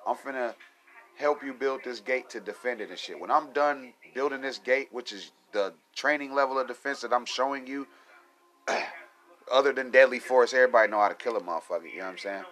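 A man's voice: mid-range voice, fairly quick, fairly bright tone. A young adult man, ranting casually to his viewers with lots of swearing and laughter. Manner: profane, rambling, laughs often. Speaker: vlogger.

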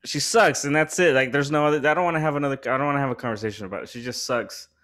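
A man's voice: medium pitch, racing, fairly bright tone. A man hosting a podcast, telling a story in a rambling casual chat full of slang and swearing, his voice rising when he gets worked up. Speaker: podcast host.

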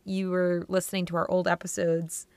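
A young woman in her twenties co-hosts a podcast in easy, chatty talk. Her voice sits a little low with a gravelly fry. The sound is dry and close. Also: little pitch movement, dry recording. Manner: chatty, upbeat, quick laughs. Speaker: podcast co-host. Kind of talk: casual chat.

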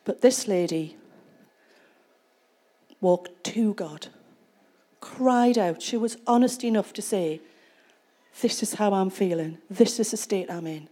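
A woman's voice: mid-range voice, takes it slowly, pauses often, dark tone. A woman preaching a sermon in church, retelling a scripture passage and explaining it in a conversational way. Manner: conversational storytelling, reads scripture then explains it.

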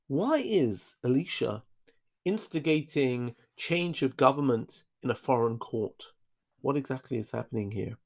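A man gives a Bible study lesson in a mid-pitched voice. He retells each scene with dramatic emphasis and reads verses aloud in Hebrew before explaining them. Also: a little mellow. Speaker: Bible teacher.

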